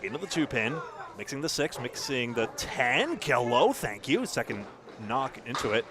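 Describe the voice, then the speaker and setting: A man with a New England accent giving chatty, animated live play-by-play of a bowling match in a bowling alley. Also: mid-range voice, normal speed. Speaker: bowling commentator. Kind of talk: live sports commentary. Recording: crowd noise behind.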